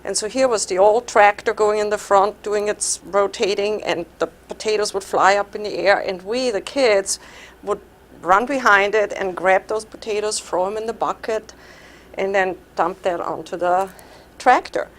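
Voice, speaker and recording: Telling stories and laughing here and there, a middle-aged woman from Austria speaks conversationally at a club meeting in her Austrian German accent. She has a medium pitch and a normal pace.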